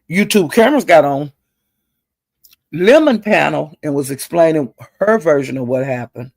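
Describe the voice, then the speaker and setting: A middle-aged woman telling gossip in a chatty, salty way, calling listeners honey and girl and jumping her pitch up high when she quotes people. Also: vocal fry, slightly rough, dry recording. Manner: animated, jumps her pitch up high when quoting others. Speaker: online commentator. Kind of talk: casual gossip storytelling.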